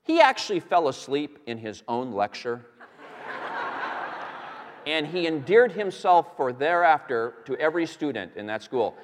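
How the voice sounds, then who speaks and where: A man teaching on a Bible passage to a live audience, telling it as an animated story with many fillers and restarts. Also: on the high side, a little slow. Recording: long hall reverb.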